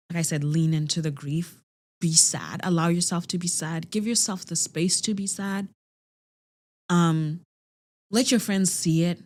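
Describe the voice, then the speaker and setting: A woman in her thirties, a podcast guest, talking candidly and animatedly, acting out what others said. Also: on the low side. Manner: animated storyteller, acts out quotes. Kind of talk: candid conversational interview.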